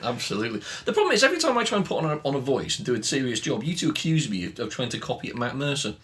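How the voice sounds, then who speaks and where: A man, co-host and game master, in jokey casual podcast chat that drops into quiet asides. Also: mid-range voice, big pitch swings, very fast, a little hiss or hum.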